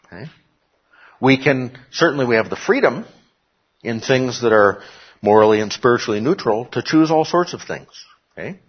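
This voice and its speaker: Husky man preaching with frequent "okay?" checks. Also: mid-range voice, lively intonation, normal speed, pauses often, lo-fi sound. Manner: conversational, joking asides, frequent "okay?" checks. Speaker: pastor. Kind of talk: sermon.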